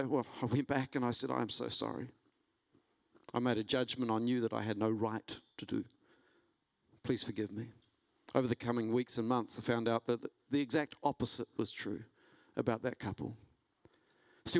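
A man preaching a sermon, telling a personal story and building to an animated delivery. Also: moderate pace, dry recording. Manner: storytelling, rising in pitch and intensity when preaching. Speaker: pastor.

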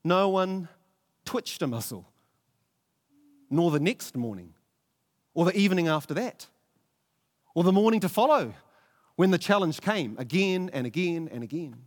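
A man telling a story in the first person with sweeping swings of pitch, dropping low for tense moments and rising high for drama. He stammers and repeats now and then. A long reverb hangs behind every line. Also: animated. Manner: vivid, halting, with stammered repeats.

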